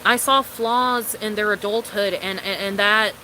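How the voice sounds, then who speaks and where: A woman's voice: mid-range voice, fairly even intonation, unhurried, hardly any pauses, sharp tone, a little hiss or hum, low-quality recording. A young woman vlogger ranting in a casual storytime, exasperated and incredulous, swearing freely and laughing often.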